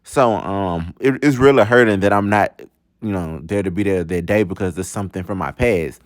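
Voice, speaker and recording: Young male vlogger, deep voice, chatty story time, dry close sound. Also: moderate pace, dry recording. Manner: chatty, repeats fillers, talks to viewers.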